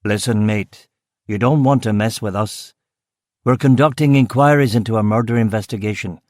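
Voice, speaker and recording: A man's voice: lowish voice, moderate pace, a little mellow, no room sound, studio quality, lightly acted. A man voicing a blunt, wry police officer who talks plainly and teases his partner. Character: gruff male police constable, blunt, teasing.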